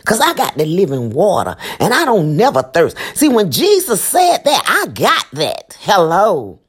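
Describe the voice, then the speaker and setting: A woman's voice: medium pitch, wildly swooping pitch, measured pace, slightly rough. A woman preaching an impassioned sermon, emphatic and repeating her lines with asides to the listeners.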